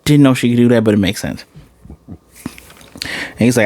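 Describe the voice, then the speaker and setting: A man casually recapping and reviewing an anime episode, excitable and animated, often jumping into high-pitched voices to retell scenes. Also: normal speed, pauses often, no room sound. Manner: excitable, laughing reactions, restarts.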